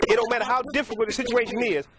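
A man's voice: very high-pitched, steady tone, rapid-fire, a crowd in the background. A male preacher delivering a sermon in a folksy, repetitive way, often stopping to correct himself and laughing at his own stories. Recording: congregation heard behind.

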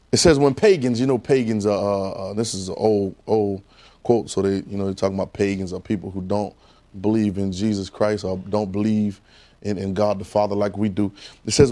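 A man's voice: fairly low pitch, steady tone, a little fast, mellow. A man with a Southern US accent preaching a sermon in a casual, coaxing call-and-response style.

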